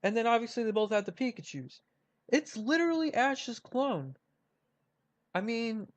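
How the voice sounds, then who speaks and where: Rambling young guy on a dull mic. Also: sits high. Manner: rambling, many fillers and restarts. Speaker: YouTuber ranking cartoon rivals. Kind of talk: casual commentary.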